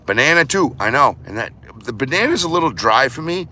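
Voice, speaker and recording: A man's voice: medium pitch, very animated, brisk, sharp tone, slight background noise. A man chatting casually to his vlog audience in a rambling, jokey and profane way. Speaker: vlogger.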